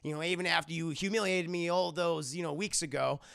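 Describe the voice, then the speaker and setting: A man's voice: on the high side, fairly even intonation, brisk, creaky, a bit bright, no room sound, studio quality. A man doing a proud, grudging demon swordsman. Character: proud, sullen young male demon swordsman.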